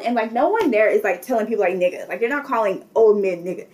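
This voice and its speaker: Animated young woman telling a story. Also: medium pitch, fast talker. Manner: animated storytelling, many "like" fillers. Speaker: guest telling a travel story. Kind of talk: casual chat.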